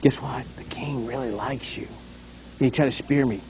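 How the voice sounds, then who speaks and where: A man doing a hushed, coaxing royal servant. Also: medium pitch, fast, slight background noise, pitched below the performer's own voice, lightly acted, rough recording. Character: wheedling male royal servant coaxing quietly.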